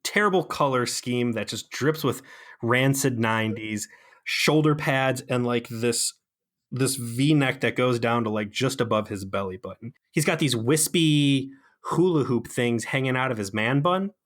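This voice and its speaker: A man's voice: medium pitch, unhurried, fairly bright tone. A man co-hosting a podcast, rambling sarcastically with plenty of fillers in casual chat. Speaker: podcast co-host.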